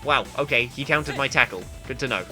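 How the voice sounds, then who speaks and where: A man's voice: mid-range voice, fast, music in the background. A man giving rambling, chatty commentary while playing a video game, now and then exclaiming at it. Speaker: gamer playing through a game. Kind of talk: let's play commentary.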